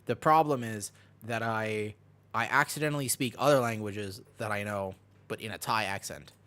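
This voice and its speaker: A man's voice: on the low side, normal speed, pushed and bright. A young man chatting casually while streaming a game, answering chat, hopping between topics and laughing often. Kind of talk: casual live-stream commentary while gaming.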